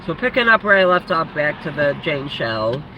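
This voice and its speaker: A man's voice: fairly high pitch, very animated, moderate pace. A man telling a story in an angry, profane vlog rant, rambling and restarting often. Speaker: vlogger. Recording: lo-fi with faint background noise.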